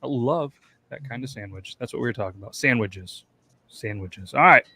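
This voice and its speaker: A man's voice: medium pitch, moderate pace, pushed and bright, husky. A man from New York co-hosting a loose podcast chat. He jokes and swears freely, with an ordinary mid-range voice. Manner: loose, profane, joking. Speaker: podcast co-host. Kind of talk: casual chat.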